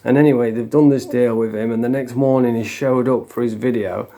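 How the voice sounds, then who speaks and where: A man recounting a story in a loose, rambling way, full of slang and quick chuckles. His voice is soft and mellow, sitting at an everyday pitch. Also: fairly even intonation. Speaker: online commentator. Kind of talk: casual storytelling.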